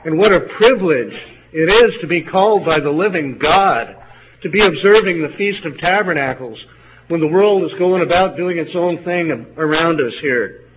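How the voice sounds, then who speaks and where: A man's voice: fairly high pitch, expressive. Older male preacher on a tinny recording. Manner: halting, many uh fillers and restarts. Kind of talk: sermon. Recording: phone-like lo-fi recording with faint hiss.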